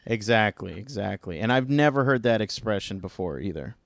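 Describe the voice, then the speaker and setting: A Canadian man hosting a podcast, chatting in an easygoing, self-deprecating way with halting restarts. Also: on the low side, animated, gravelly, no room sound, clean studio sound. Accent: Canadian English. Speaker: podcast host. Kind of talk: casual chat.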